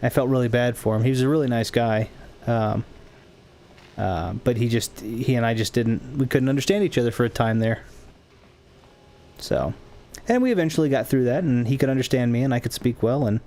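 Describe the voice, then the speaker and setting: A man's voice: mid-range voice, brisk, mellow. A man from the Southern United States chatting casually with viewers while playing a game on a stream, often restarting his sentences and wandering off on tangents.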